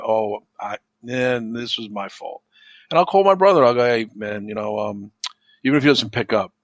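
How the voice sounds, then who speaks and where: A man's voice: on the low side, no room sound. A man chatting as a podcast guest, telling stories with plenty of swearing and acting out the arguments he quotes. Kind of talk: casual chat.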